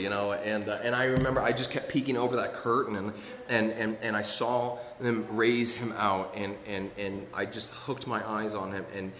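Earnest halting man in an echoey hall. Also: fairly low pitch, a bit bright. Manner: earnest, halting, many restarts and repeated words. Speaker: recovery speaker sharing his story. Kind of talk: personal testimony talk. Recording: echoey hall, faint room noise.

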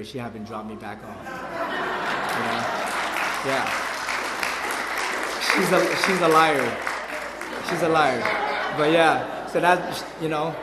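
A man's voice: a little high, background noise. Brief: man in his forties, rambling personal testimony, stumbles and repeats, echoey hall with a long tail. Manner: rambling, repeats words, many fillers. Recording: echoey hall with long reverb, faint ambience.

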